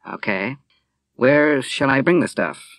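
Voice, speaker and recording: A man voicing a soft-spoken, polite middle-aged naval captain in a storybook reading. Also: mid-range voice, expressive, takes it slowly, no echo, voice pushed up. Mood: restrained.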